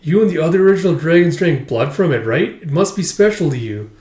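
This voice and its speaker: A man's voice: a little high, expressive, fast, a little mellow, pitched above the performer's own voice, close to an everyday voice. A man voicing a cheerful, carefree young male dragon warrior from a comic, reading the lines in a light, breezy voice raised above his own. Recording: roomy echo.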